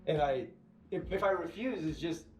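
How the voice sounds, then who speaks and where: A man telling his story in an interview, animated and excited, acting out what others said to him. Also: a little high, moderate pace, a little hiss or hum. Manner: excited retelling, mimics other people's words. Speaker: interview guest.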